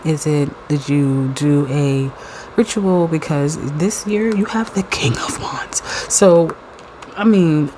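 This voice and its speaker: Woman, tarot reader, low voice, excitable, playful, slangy, swears, casual reading. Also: a little hiss or hum, rough recording.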